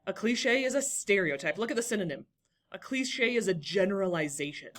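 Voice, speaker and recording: A woman's voice: mid-range voice, animated, brisk. A young woman teaching a classroom lesson, encouraging and talking to students by name.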